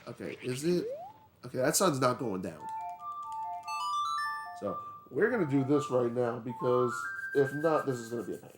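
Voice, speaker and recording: Male let's-play host, mid-pitched and animated, chatty storyteller over faint game music. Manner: chatty, tells an anecdote between game moves. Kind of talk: casual gameplay commentary with storytelling.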